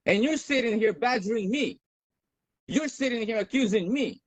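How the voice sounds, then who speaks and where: A man's voice: very high voice, lively intonation, normal speed. A man defending himself in a traffic case over a video call, combative, insistent and interrupting. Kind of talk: arguing his case.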